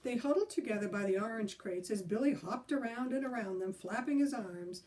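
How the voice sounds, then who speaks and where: A woman librarian reading a children's chapter book aloud expressively, pausing to talk about the pictures. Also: a little high, darkish tone, far from the mic.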